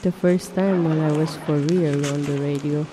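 Woman, low mellow voice, unhurried spoken-word delivery, long hall reverb. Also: fairly even intonation, background noise. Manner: deliberate, drawn-out phrasing. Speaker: radio performer. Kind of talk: slow spoken-word performance.

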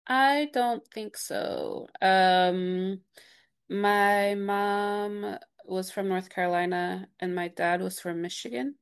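A woman's voice: on the low side, creaky, clean tone. A young woman from Ohio, a radio producer, answering interview questions thoughtfully, with frequent "like" and "um" and rising, question-like endings. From Cincinnati, Ohio.

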